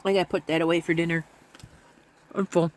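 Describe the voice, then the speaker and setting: A woman's voice: flat delivery, a little fast, slight background noise. Woman vlogger, rambling casual chat, laughs a lot, coos at pets. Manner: rambling, talks to her pets in a high baby voice; laughs often.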